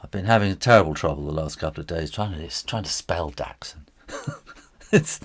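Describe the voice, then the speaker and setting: A man's voice: deep voice, moderate pace. A middle-aged man, an author and illustrator, talking through a live drawing lesson in a hesitant, rambling way with little chuckles. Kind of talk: live drawing tutorial, thinking aloud.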